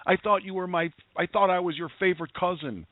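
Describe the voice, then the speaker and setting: A woman's voice: lowish voice, a little fast, no room sound, pitched above the performer's own voice, close to an everyday voice. A man voicing his tough, brash woman cousin, pushy and indignant, heard over a tinny, dry phone line.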